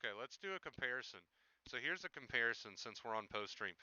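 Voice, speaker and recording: A man's voice: medium pitch, lively intonation, fast, pushed and bright, no echo, dull audio. A man streaming live from home, chatting casually with his viewers into a headset mic and often repeating himself. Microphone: headset microphone.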